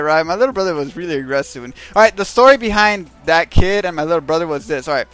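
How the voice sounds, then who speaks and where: A man's voice: fairly high pitch, animated, fast, a bit bright, no echo. A man telling a rambling, profanity-heavy story on a stream. He keeps checking in with his listeners by asking "right?". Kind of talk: casual storytelling.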